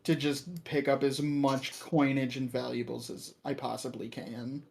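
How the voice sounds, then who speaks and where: A man playing a tabletop game, describing his actions in a deliberate, hesitant way. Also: mid-range voice, level tone, gravelly, a little mellow, slight background noise. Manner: slow, deliberate, hesitant with ums. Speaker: player.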